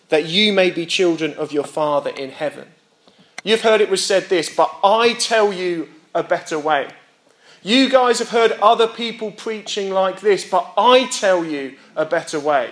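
Young male preacher, high voice, explanatory sermon delivery, asks the audience questions. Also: normal speed, fairly bright tone. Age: young adult. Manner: explains and checks in with listeners; reads scripture aloud and voices rhetorical questions.

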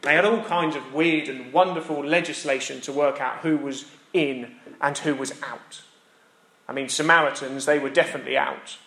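A man's voice: fairly high pitch, steady tone, moderate pace, creaky, sharp tone, echoey room. A man preaching a sermon in a conversational, emphatic way, building his points through repetition. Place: church.

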